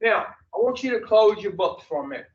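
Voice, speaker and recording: Leading an addiction recovery group, this high-voiced man lectures bluntly and profanely, animated and brisk, firing rhetorical questions at the room. The recording sounds distant, echoey and dull.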